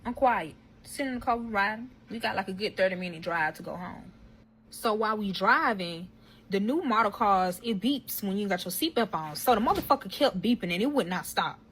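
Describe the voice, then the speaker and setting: A woman's voice: mid-range voice, expressive, brisk, fairly bright tone, slight background noise. A woman telling a casual story-time tale to her viewers, heated and swearing freely. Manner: heated, profane, addresses viewers.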